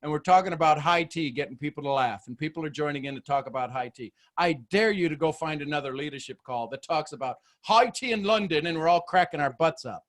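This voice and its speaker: A man's voice: a little high, fast talker, hardly any pauses. Joking motivational man on a call. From Texas, USA. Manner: joking, animated, preacher-like. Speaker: host of a leadership call. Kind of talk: motivational talk on a group call. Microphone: video call.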